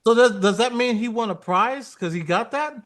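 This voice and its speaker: A man's voice: very high voice, moderate pace, a bit bright. A man hosting a livestream, chatting casually, joking and teasing and laughing a lot. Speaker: livestream host.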